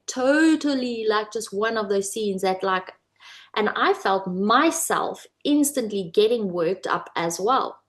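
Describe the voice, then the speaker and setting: A woman coaching viewers on manifesting in a casual, animated talk to camera, often calling them "you guys". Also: medium pitch. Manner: animated, addresses viewers as "you guys", acts out quoted voices.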